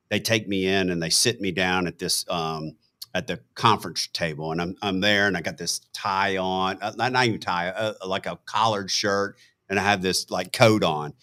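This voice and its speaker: A middle-aged man hosting a podcast, telling a conversational story as an animated storyteller who acts out the quotes. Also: low voice. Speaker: podcast host.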